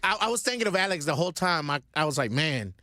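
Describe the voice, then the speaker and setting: Male radio co-host, high-pitched joking complainer. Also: animated, rapid-fire, bright, forceful tone, dry recording, studio quality. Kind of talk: casual studio banter. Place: radio studio.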